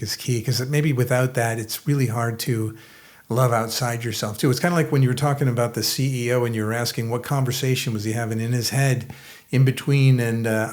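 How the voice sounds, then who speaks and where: A man hosting an interview, reflecting on a point and then reading out his next question. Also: medium pitch. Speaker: podcast host.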